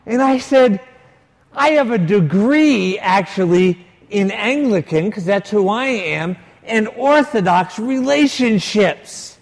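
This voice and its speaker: A man's voice: sits high, lively intonation, slow, vocal fry. A man, a priest, preaching a sermon and telling a story with quoted dialogue and varied emphasis. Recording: long reverb of a large hall.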